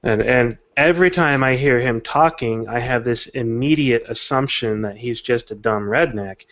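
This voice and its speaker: A man's voice: medium pitch, moderate pace, a bit bright. A man co-hosting a casual podcast, telling stories in a thoughtful, easygoing way. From Texas. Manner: thoughtful, storytelling. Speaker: podcast co-host. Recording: dull lo-fi audio.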